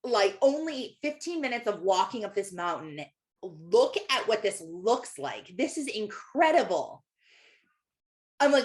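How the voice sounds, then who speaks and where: A woman in her thirties speaks as a Christian life coach in a casual motivational talk. She tells a personal story in a conversational way, full of "like"s and small restarts. Her voice sits at an ordinary middle pitch. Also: lively intonation, a little slow. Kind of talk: faith-based motivational talk.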